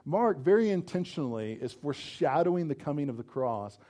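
His voice a little high and fairly quick, a pastor preaches in a conversational manner. He often says "like" and punches his points with lively emphasis.

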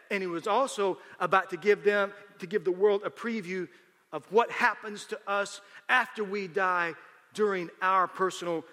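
In a hall with long reverb, a pastor retells a scripture story, then builds emphasis as he explains it to the congregation. His voice is high-pitched, bright, and forceful.

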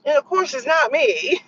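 A young adult woman hosting a podcast, telling a workplace story in a casual, exasperated way and lowering her voice to quote others. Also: fairly bright tone. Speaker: podcast host. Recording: dull lo-fi sound with faint noise.

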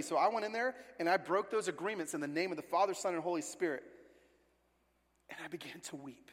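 A man in his forties preaching a sermon as pastor, telling family stories with lively acted-out voices. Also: high-pitched, fast. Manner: animated storytelling, acting out family voices. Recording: long reverb of a large hall.

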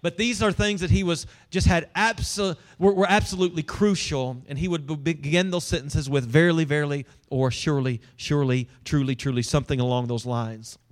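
A man's voice: on the high side, steady tone, a little fast, few pauses. A man preaching a sermon, conversational and humorous, talking directly to his congregation. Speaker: pastor.

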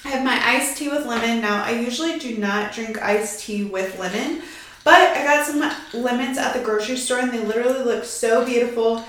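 A young woman with a fairly high, fairly bright voice hosts her lifestyle podcast, talking a little fast in a chatty, bubbly way. She's a bit out of breath and laughs often, and the recording is very echoey.

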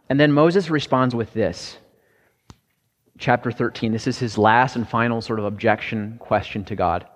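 A man giving a sermon in a relaxed, conversational way, stumbling into restarts now and then. His voice sits at an ordinary pitch and rings out with a long reverb. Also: highs cut off. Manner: conversational, halting with restarts and fillers. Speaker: pastor.

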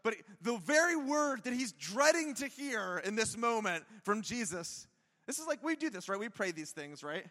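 A man's voice: high voice, sing-song, normal speed, pushed and bright, long reverb tail. A man preaching a conversational sermon to his church, chatty and self-deprecating, with lots of jokes and asides. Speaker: pastor. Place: church auditorium.

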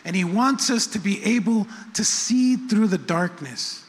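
A middle-aged male pastor preaching in a church sanctuary, his fairly high voice unhurried and chatty. He circles back on his phrases and drops frank asides about himself. Long hall reverb hangs on every phrase. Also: expressive. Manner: conversational, repetitive, self-deprecating asides. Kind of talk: sermon.

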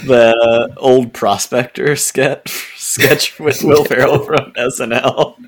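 A woman's voice: very deep voice, steady tone, slow pace. A woman from Kentucky co-hosting a podcast, teasing and laughing a lot. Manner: giggly, teasing. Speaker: podcast co-host. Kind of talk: casual podcast chat.

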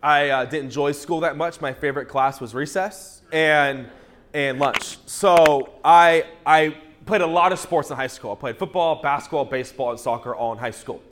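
A male pastor preaching a sermon through a humorous, animated personal story, often restarting his words. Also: a little high, moderate pace.

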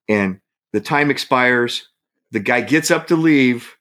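A guest from the San Francisco Bay Area slowly tells a story in casual chat, with a medium-pitched voice. He stays animated, laughing as he acts out people's words.

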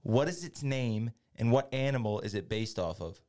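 A man hosting a casual podcast who reads trivia questions aloud at an even pace. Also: medium pitch, normal speed. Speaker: quiz host reading trivia questions.

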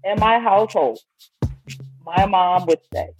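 Excitable, dramatic woman on a podcast. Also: mid-range voice, measured pace, dull audio, over music. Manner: excitable, dramatic, animated storyteller. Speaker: podcast guest. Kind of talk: casual podcast chat.

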